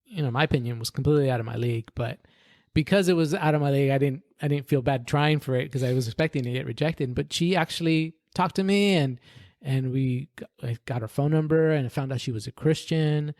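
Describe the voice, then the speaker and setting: A man's voice: a little high, fast, darkish tone, no echo, clean studio sound. Earnest man telling his faith story. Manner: earnest storytelling with frequent restarts and "right?" tags. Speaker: podcast guest sharing his faith story. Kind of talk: personal testimony in conversation.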